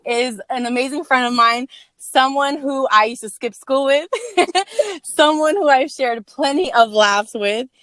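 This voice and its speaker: A young woman hosting a podcast from home, chatting casually, jokey and quick to laugh. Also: sits high, a bit bright, no room sound, studio quality. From Maryland. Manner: giggly, jokey, laughs often. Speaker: podcast host. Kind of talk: casual chat. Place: home room, door opened.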